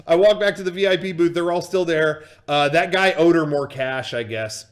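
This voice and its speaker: A man's voice: on the high side, measured pace, pauses often. A man casually telling a story on a livestream, swearing freely and full of fillers and restarts. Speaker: streamer and storyteller.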